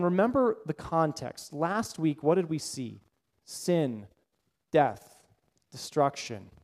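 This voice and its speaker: A man's voice: fairly high pitch, a little mellow. A man preaching a sermon, building his points through repetition and rhetorical questions. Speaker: pastor.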